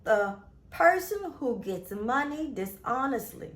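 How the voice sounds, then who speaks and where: A woman host, reading Bible verses in a casual faith talk, animated and emphatic, repeating phrases. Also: fairly high pitch, roomy sound. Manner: animated, emphatic, drawn-out repetitions. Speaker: show host.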